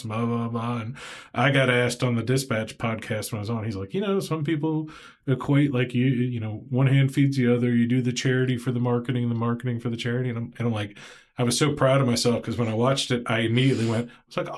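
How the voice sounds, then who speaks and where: Brief: quick Southern male podcast host, mid-pitched, rambling and animated storyteller. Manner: rambling, animated, acts out quoted voices. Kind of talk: casual interview chat.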